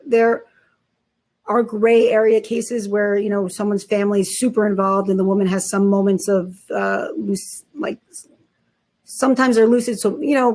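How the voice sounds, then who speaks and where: Emphatic woman doctor as interview guest, mid-pitched, brisk and conversational. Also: a little mellow. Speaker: psychiatrist. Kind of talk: interview guest explaining cases.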